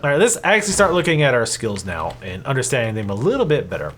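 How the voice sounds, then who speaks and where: A man's voice: medium pitch, big pitch swings, brisk, a bit bright. A man casually commentating his gameplay, joking and sarcastic and swearing freely. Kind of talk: casual let's-play commentary.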